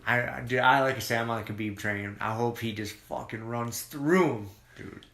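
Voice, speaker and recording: A man co-hosting a podcast, chatting casually and rambling excitedly with lots of swearing. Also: mid-range voice, moderate pace, creaky, echoey room. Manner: rambling, profane, excited about fights. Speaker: podcast co-host. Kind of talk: casual chat.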